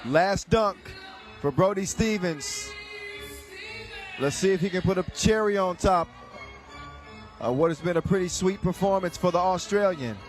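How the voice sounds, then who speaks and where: Guy calling a dunk contest live, kinda high voice, hyped and jokey, bit of music under it. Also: unhurried, long pauses. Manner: excitable, joking, chuckles between calls. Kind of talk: live sports commentary.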